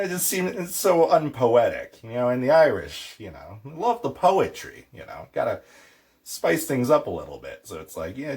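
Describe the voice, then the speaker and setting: A man's voice: medium pitch, darkish tone. A man teaching a casual, playful language lesson, acting out little mock dialogues with a student.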